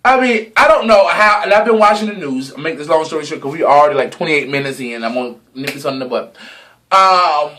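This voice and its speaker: Sassy high-voiced young man ranting. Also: expressive, brisk, pushed and bright. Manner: sassy, dramatic, swears freely; stretches words for emphasis. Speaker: vlogger. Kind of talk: casual gossip monologue.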